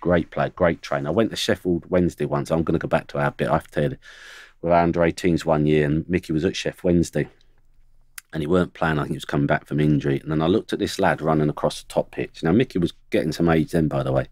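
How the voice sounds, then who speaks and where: A man's voice: extremely low pitch, fairly even intonation, fast talker, darkish tone, no room sound. A middle-aged man, a former footballer, telling blunt stories about teammates on a studio podcast. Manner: blunt, anecdotal, mimics teammates. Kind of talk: podcast storytelling.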